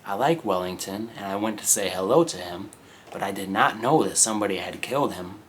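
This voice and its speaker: A man reading the lines of an earnest, literal-minded teenage boy who speaks in a flat, matter-of-fact way. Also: lowish voice, a little fast, slight background noise, natural voice.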